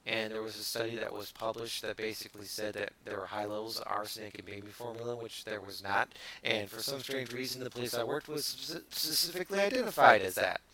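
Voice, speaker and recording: A man's voice: lowish voice, quick pace, few pauses. A man hosting a casual comedy podcast, reading news stories and teasing his co-host, with lots of restarts. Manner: teasing, animated, many restarts.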